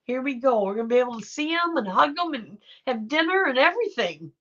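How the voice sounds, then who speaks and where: A woman's voice: high voice, big pitch swings, fast, fairly bright tone. A middle-aged woman hosting a livestream, chatting casually and affectionately as she reacts to viewer comments. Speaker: livestream host reading chat. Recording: dull lo-fi livestream audio.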